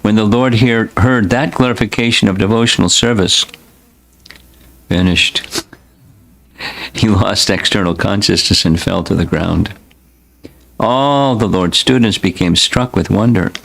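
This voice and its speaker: A man who is a spiritual teacher, reading scripture aloud in a slow, deliberate, devotional way. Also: fairly low pitch, gravelly, fairly bright tone, rough recording.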